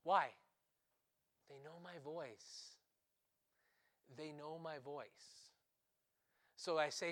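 A male priest with a high voice preaches a sermon in a conversational way, full of asides. He swings between loud, urgent emphasis and quiet, hushed intensity. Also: slow, pauses often.

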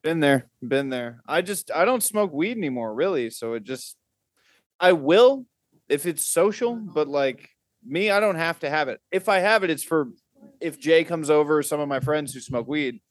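A man's voice: a little high, lively intonation, normal speed, dry recording, studio quality. A young man co-hosting a podcast, easygoing and teasing in casual chat. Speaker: podcast co-host.

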